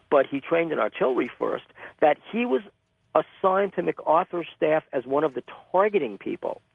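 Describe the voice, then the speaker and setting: A man with a somewhat high, gravelly voice tells stories with animated energy. He is heard down a tinny phone line on a radio show, and the sound is close and dry. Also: dry recording. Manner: animated, vivid storyteller. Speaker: guest, magazine publisher. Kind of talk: storytelling interview answers. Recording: phone-line call-in audio.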